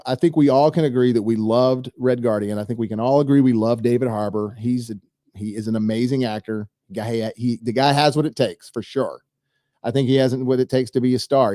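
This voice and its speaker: A man's voice: mid-range voice, mellow, no echo, studio quality. A man hosting a movie news show, talking casually and at length straight to his viewers, rambling and enthusiastic. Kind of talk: casual solo commentary.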